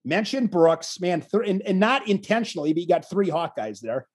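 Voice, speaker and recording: A wrestling commentator tells a story during a casual interview, animated and self-deprecating, frequently restarting his phrases. His voice is high with a breathy edge, and he speaks at a moderate pace.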